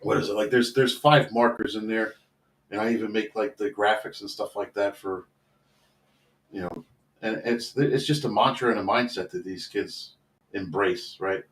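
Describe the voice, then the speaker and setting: Male football coach, rambling earnest storyteller, lowish voice, echoey distant recording. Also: steady tone, moderate pace, fairly bright tone. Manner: candid, rambling, earnest, swears casually. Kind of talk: casual storytelling in a podcast interview. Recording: roomy sound from a distant mic.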